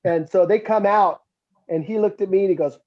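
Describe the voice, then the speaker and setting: In dull audio, a high-pitched middle-aged man talks a little fast while telling casual stories as an interview guest. This metal musician is animated, acting out what others said with a raised voice.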